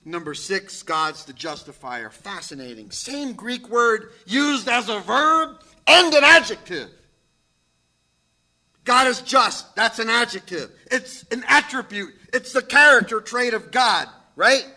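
A man's voice: very high-pitched, expressive, measured pace, bright, forceful tone. A man preaching a sermon, emphatic, with dramatic drops to near whispers. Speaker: pastor.

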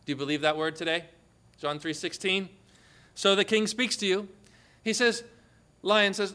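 A man preaching a sermon earnestly, quoting scripture and voicing the Lord's words in a lower, softer tone. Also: steady tone, normal speed, long pauses.

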